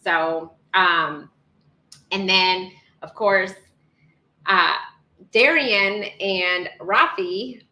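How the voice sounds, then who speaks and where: Woman, livestream host, chatty, bright, echoey room. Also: on the low side, drawn-out words, long pauses. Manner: chatty, bubbly, reads viewer comments aloud. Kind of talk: casual livestream chat.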